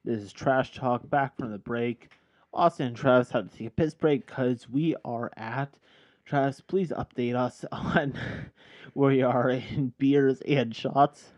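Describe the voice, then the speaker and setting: A man's voice: mid-range voice, measured pace, a little mellow, no echo. A tipsy man hosting a casual podcast chat, rambling and correcting himself as he goes. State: tipsy from drinking. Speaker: podcast host. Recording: dull lo-fi sound.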